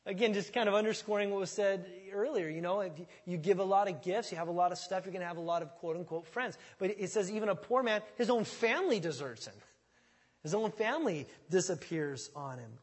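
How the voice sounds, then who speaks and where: His voice sits high with a breathy edge, and he moves a little fast through an expository sermon. The pastor keeps it folksy and conversational, often restarting words mid-thought, while the large hall lends long reverb.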